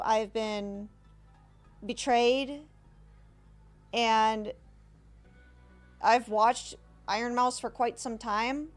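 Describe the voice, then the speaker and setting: A woman streamer giving reaction commentary, halting and emotional, with many restarts and apologies. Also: fairly high pitch.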